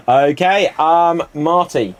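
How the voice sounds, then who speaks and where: A man hosting a live improv joke round, and he takes his time, drawing out each setup and calling on players one by one. His voice sits a little high for a man, and he chuckles easily between turns. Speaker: improv show host.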